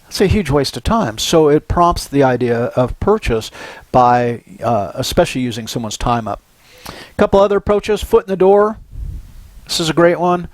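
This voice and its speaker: Older male lecturer, animated and anecdotal. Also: a little high, moderate pace, dry recording. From Southern California. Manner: anecdotal and animated, often checks in with "right?". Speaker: psychology lecturer. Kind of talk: recorded university lecture.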